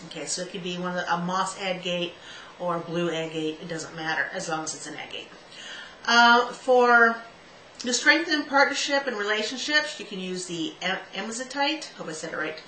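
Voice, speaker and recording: A woman's voice: medium pitch, sharp tone. A middle-aged woman hosting a casual love-advice video, chatty and self-mocking, stumbling over stone names and spelling them out. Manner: self-mocking, laughs at herself. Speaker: host giving love advice. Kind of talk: casual solo video talk. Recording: echoey room with faint background hiss.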